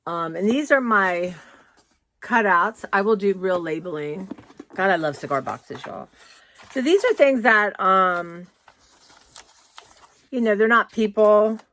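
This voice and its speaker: A woman's voice: mid-range voice, animated, takes it slowly, long pauses, fairly bright tone. A woman vlogging casually from her home, chatty and rambling, often saying "y'all". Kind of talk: casual chat. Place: home, indoors.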